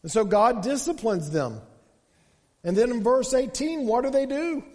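A man with a strikingly high voice delivers a sermon, leaning on repeated starts like "and, and" as he builds each point. His words trail off into a long reverb that fills a big hall. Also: expressive, moderate pace, a little mellow. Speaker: pastor.

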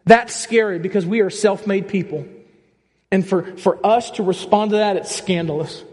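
A man with a high-pitched voice preaches a sermon to a congregation. He swings between animated, rising passages and quieter, slower stretches, often stopping to ask his listeners questions. His voice rings out with a long reverb in a church hall. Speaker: pastor.

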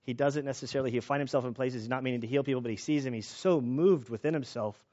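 A man's voice: medium pitch, fast talker, a little mellow, dull audio. A man teaching a Bible passage in a conversational way, thinking aloud in an earnest, musing tone.

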